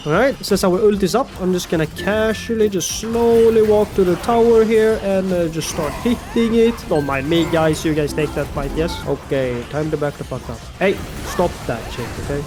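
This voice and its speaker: A man's voice: fairly high pitch, lively intonation, a little fast, few pauses, over music. A man giving casual, playful gameplay commentary, mocking his opponent and swearing often. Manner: playful, mocking, swears, mock-panicked taunting. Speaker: gaming video creator.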